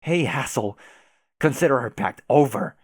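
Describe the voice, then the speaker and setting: A man reading a webcomic chat aloud and voicing a furious, foul-mouthed young male troll who shouts insults. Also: mid-range voice, animated, normal speed, breathy edge, dry recording, studio quality. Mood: angry. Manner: shouty, insulting, swears constantly.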